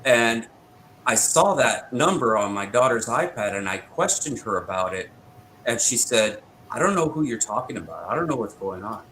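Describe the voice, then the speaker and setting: A man's voice: medium pitch, expressive, fairly bright tone, slight background noise, rough recording. Indignant man retelling a dispute. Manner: retells exchanges with quick back-and-forth quotes; indignant, insistent. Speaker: interview guest, military veteran. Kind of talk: first-person storytelling.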